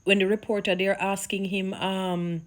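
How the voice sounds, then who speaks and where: A woman from Jamaica with a Jamaican accent, chatting casually to her viewers, animated and laughing, slipping into Patois. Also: medium pitch, moderate pace. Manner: animated, mixes Patois into chat, laughs often. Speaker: vlogger.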